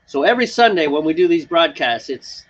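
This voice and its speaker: A man's voice: fairly high pitch, sing-song, brisk, muffled recording. A man co-hosting a homebrewing live stream outdoors on a porch, chatting casually and rambling with frequent laughs. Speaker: homebrew show co-host. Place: front porch patio, outdoors.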